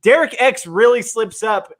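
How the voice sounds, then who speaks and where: Male co-host, high voice, friendly, rambly casual chat. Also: moderate pace, fairly bright tone. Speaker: podcast co-host.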